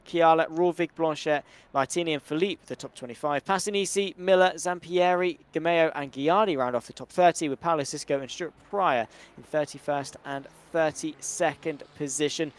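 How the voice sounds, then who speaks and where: A man commentating a sim racing broadcast, chatty and quick with slang. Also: fairly high pitch. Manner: brisk, chatty play-by-play with British slang. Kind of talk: live race commentary.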